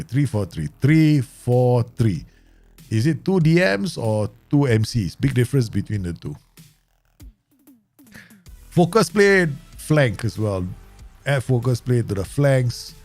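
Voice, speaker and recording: A chatty man with a Southeast Asian English accent streams his management game, quick to laugh as he talks to his viewers. His voice is gravelly and swoops up and down as he talks. Faint game music plays under him. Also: mid-range voice, darkish tone. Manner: chatty, laughs easily, talks to himself and chat. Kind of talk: live game commentary.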